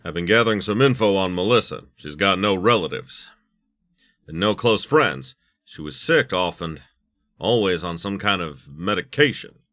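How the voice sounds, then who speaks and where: A man voicing a calm adult police detective in a game, giving a matter-of-fact briefing. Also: low-pitched, no echo, voice pushed down.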